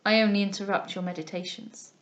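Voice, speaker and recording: A woman voicing a gentle, grave old guardian. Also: medium pitch, fairly even intonation, fast, muffled recording, lightly acted. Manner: soft, mild, solemn speech.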